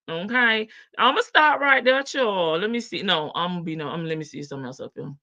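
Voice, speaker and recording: A woman's voice: medium pitch, very animated, moderate pace, sharp tone, no room sound. A woman hosting a casual livestream, reading chat comments aloud in a sassy, teasing way and laughing often. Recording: dull lo-fi stream audio.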